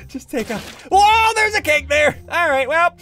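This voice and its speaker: Man, high voice, very lively, excitable gameplay commentary, light music behind. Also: slow pace. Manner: excitable, jokey, narrates his moves aloud. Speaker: gaming YouTuber.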